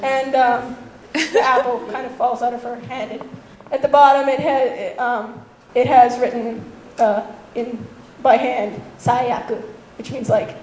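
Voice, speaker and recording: A woman in casual chat who giggles often and acts out quotes in a higher voice. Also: steady tone, unhurried, few pauses, a little mellow. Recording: roomy echo, faint background noise.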